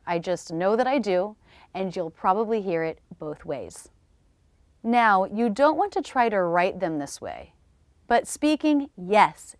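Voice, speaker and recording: Slow, lively-voiced American woman teaching pronunciation. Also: medium pitch, dry recording, clean studio sound. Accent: General American. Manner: slow, over-articulated demonstration of sounds. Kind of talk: scripted pronunciation lesson.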